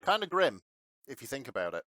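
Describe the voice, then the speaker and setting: A man co-hosts a podcast in a lively, questioning way. His pitch rises and falls a great deal. The mic sound is dry. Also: dry recording. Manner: lively, quick to laugh and question. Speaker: podcast co-host. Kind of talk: casual chat.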